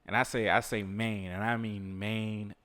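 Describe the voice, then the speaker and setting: A man's voice: lowish voice, level tone, unhurried, fairly bright tone. A man hosting a podcast, giving laid-back motivational advice in casual speech, swearing, laughing and chatting to listeners while he plays a video game. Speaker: podcast host.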